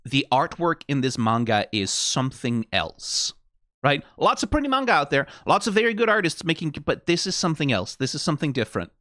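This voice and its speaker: A man's voice: a little high, sing-song, fairly quick, sharp tone, dry recording, clean studio sound. A man hosting an anime reaction stream, talking casually and rambling, repeating his points emphatically and swearing now and then.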